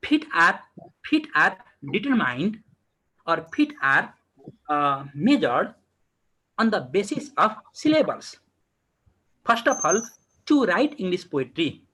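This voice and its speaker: A man teaches an online class on English poetry, his voice breathy and lively in pitch as it rises and drops. He poses questions and answers them himself, repeating key words for emphasis over a video call. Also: low-quality recording.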